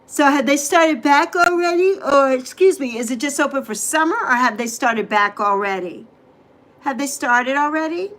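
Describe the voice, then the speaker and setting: A woman's voice: high-pitched, expressive, normal speed, a bit bright. A woman with a New York accent, raised in the Caribbean, hosting a casual livestream and chatting with viewers by name in a rambling, friendly way. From Bronx, New York, raised on Saint Croix. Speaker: livestream host. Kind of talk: casual livestream chat reading comments.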